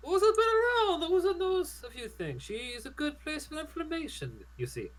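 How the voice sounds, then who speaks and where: A man's voice: very high-pitched, wildly swooping pitch, normal speed, a bit bright, pitched above the performer's own voice, full character voice, low-quality recording. A man voicing a hard-drinking fish lady who runs a tavern, in a put-on accent with broken grammar, talking about herself in the third person. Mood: sly.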